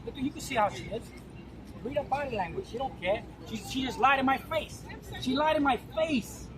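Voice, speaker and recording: Loud, high-voiced man arguing on a noisy street. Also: normal speed. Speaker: street advocate. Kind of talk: heated street confrontation. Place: city street rally outdoors. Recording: noisy street with crowd and traffic.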